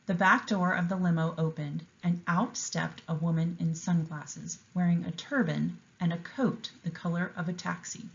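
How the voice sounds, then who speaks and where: A woman teacher reading a picture book aloud with an expressive, enthusiastic delivery and explaining a writing lesson to young students. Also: on the low side, normal speed, creaky, few pauses, lo-fi sound.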